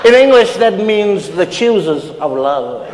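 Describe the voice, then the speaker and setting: A man's voice: high voice, very animated, a little slow. A man playing a tipsy, smug Samoan uncle with a Samoan accent, a self-styled ladies' man who flirts in flowery romantic lines in a live comedy act. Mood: crooning, flirty. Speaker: comedian in character. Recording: echoey hall with loud background noise.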